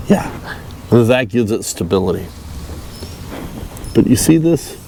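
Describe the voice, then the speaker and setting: A man's voice: fairly low pitch, lively intonation, slow pace, warm tone, slight background noise. A man hosting a casual do-it-yourself vlog while working on a boat trailer outdoors, folksy and self-mocking, chuckling as he talks. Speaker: channel host doing a boat trailer fix-up. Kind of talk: casual DIY vlog talk to camera.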